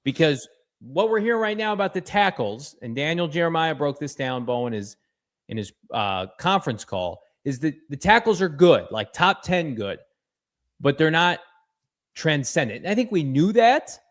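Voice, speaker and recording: A man's voice: on the high side, normal speed. Upbeat man hosting a sports podcast. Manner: energetic, reads fan messages aloud. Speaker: podcast co-host. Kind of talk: casual sports podcast chat.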